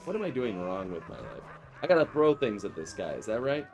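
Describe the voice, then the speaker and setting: A man's voice: on the low side, wildly swooping pitch, fairly quick, vocal fry, faint music behind. A man streaming a video game in casual chat, joking playfully and laughing often. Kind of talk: casual chat while gaming.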